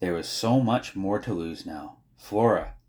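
A man narrating an audiobook in an expressive, measured storytelling manner. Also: low voice.

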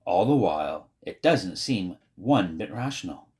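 Pedantic, sardonic storybook boy, read by a man, low and lively. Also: unhurried. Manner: wordy, precise, sardonic. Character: fussy, pedantic know-it-all boy.

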